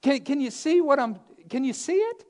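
A man preaching a sermon, emphatic and repetitive, swinging between loud declarations and hushed asides. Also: extremely high pitch, animated, moderate pace.

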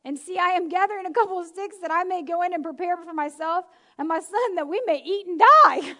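A middle-aged woman preaching a lively sermon, laughing often and acting out the people she quotes. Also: very high voice, a little fast.

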